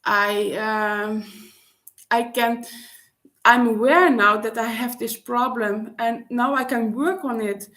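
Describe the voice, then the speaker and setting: Halting woman, slightly high. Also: fairly even intonation, a bit bright. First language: Dutch. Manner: halting, searching for words with frequent restarts. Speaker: vlogger. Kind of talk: personal reflective monologue.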